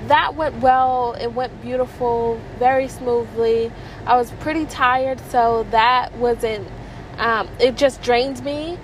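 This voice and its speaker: A young woman vlogging casually, telling excitable stories packed with fillers. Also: a little high, slow, a little hiss or hum, low-quality recording. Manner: chatty, filler-heavy, excitable. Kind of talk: casual vlog storytelling.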